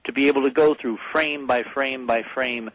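A man's voice: medium pitch, steady tone, normal speed, a bit bright, no echo, low-quality recording. A man as a guest on a call-in radio show, speaking emphatically and urgently, rallying the listeners.

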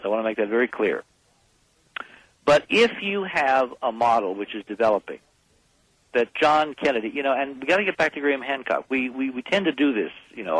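A man's voice: medium pitch, fairly bright tone, slightly rough, no room sound, rough recording. A man as a radio interview guest, talking in an emphatic, speechifying way.

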